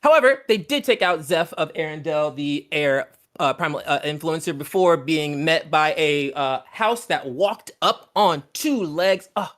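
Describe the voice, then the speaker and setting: A man's voice: on the high side, animated, measured pace, fairly bright tone. A man narrating a tabletop game as game master, casual and full of ums and uhs.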